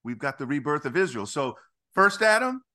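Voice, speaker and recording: A middle-aged man, a ministry founder, talking as a guest in a podcast interview with emphatic, animated, preacherly storytelling. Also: on the high side, moderate pace.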